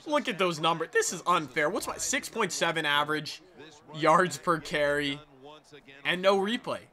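A man giving excited, trash-talking commentary over his own football video game play. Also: on the high side, moderate pace. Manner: hyped, trash-talking, sing-song exclamations. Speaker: gaming YouTuber.

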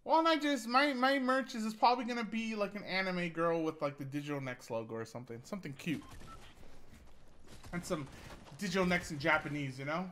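A woman's voice: fairly low pitch, brisk, a bit bright, a little hiss or hum. A young woman giving casual commentary as she streams a game, swearing freely and laughing often. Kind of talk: casual live-stream commentary while gaming.

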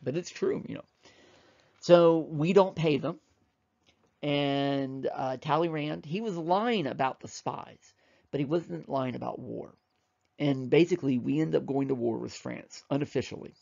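A man's voice: medium pitch, gravelly, darkish tone, breathy edge, dull audio. A man giving an informal history lecture, talking conversationally and emphatically with frequent fillers and repeats.

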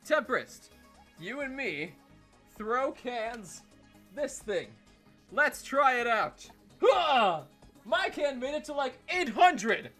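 A young man giving playful gameplay commentary, excitable and laughing as he plays with a friend. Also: extremely high pitch, slow pace, faint music behind. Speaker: gaming YouTuber.

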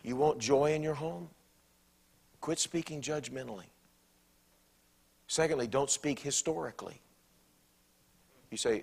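Animated preacher man. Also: mid-range voice, unhurried, gravelly, long pauses, slightly rough. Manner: animated, acts out quoted speech in bursts. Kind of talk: sermon. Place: church.

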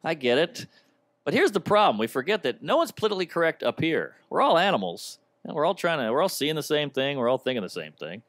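A man's voice: fairly high pitch, very animated, quick pace, a bit bright, no echo. A man performing a stand-up comedy set on stage into a handheld mic, with a wry, mock-offended delivery.

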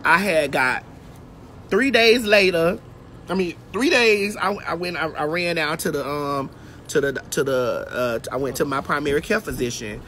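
A woman host chatting on a phone livestream outdoors, her voice lively and swooping with a bright, forceful edge. She talks in a brash, profane, animated storytelling way, with faint outdoor ambience behind her. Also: deep voice, normal speed, a little hiss or hum. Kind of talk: casual livestream chat. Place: outdoors, getting her hair braided.

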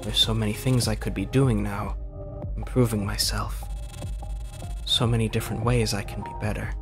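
A man's voice: fairly low pitch, level tone, moderate pace, close to an everyday voice. A man reading the lines of a despairing, self-loathing character in a game, weary and bitter, with bursts of swearing. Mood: hollow. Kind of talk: reading game dialogue aloud. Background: game music.

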